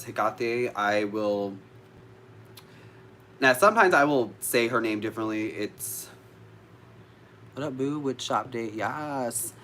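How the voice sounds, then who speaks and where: Man, casual live vlog, rambling, swears casually, low-pitched. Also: a bit bright, a little hiss or hum. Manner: chatty, easily distracted, swears casually. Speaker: witchcraft vlogger. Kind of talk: casual chat with live viewers.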